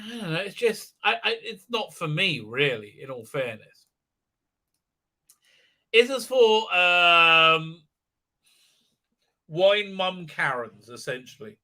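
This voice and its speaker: A man's voice: high-pitched, pushed and bright. A middle-aged man hosting a live stream from his desk, rambling sarcastically and swearing, full of fillers and restarts.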